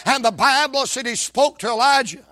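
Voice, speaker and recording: High-voiced preacher with dramatic swings. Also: male voice, normal speed. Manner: dramatic, swings from shouts to whispers, folksy. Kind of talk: sermon.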